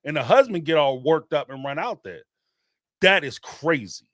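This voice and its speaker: Brief: middle-aged male host, high-pitched, dry close mic, emphatic slangy commentary. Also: moderate pace, dry recording. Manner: animated and emphatic, street slang, repeats phrases for emphasis. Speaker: host of a live call-in show. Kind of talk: casual spoken commentary.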